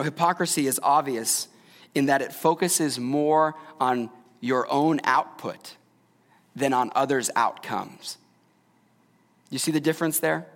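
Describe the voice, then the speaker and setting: A man in his thirties preaching a sermon in a conversational way, often asking the congregation questions. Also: on the high side. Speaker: pastor. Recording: long reverb of a large hall.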